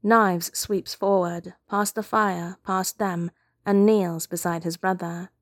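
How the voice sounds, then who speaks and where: A woman reading fiction aloud as narrator, with calm, steady storytelling. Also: on the low side, slow pace, no echo, clean studio sound.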